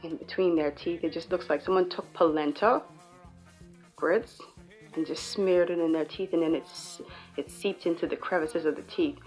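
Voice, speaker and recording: A woman's voice: deep voice, moderate pace, soft background music. A young woman with a Bahamian accent, explaining slang in a playful, joking vlog. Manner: playful, joking, animated storytelling. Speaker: YouTuber.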